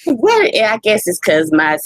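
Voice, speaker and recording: A woman co-hosting a casual wrestling podcast, animated and profane, laughing often. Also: mid-range voice, measured pace, no echo. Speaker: podcast co-host.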